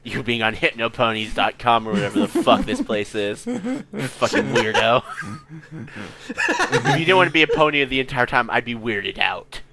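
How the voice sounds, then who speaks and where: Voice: mid-range voice, fairly quick, a loud crowd. A co-host in a casual podcast chat, crude and sarcastic, swearing often.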